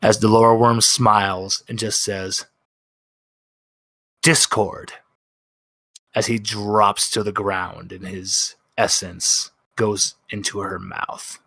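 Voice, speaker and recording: A man narrating a tabletop role-playing session as game master, telling the story slowly and dramatically and voicing the characters' lines. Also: lowish voice, level tone, gravelly, a bit bright, husky, dry recording, studio quality. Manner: slow, dramatic storytelling with voiced quotes.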